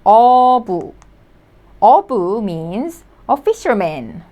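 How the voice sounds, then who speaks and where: Woman, language teacher, slow deliberate delivery, sounds out syllables and repeats words, animated pitch. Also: dull audio. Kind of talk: slow, clear vocabulary lesson.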